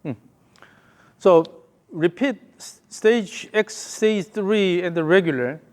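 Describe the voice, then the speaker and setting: A man's voice: sits high, takes it slowly. A male golf coach giving a hands-on lesson, calling short repeated cues and humming the count and rhythm.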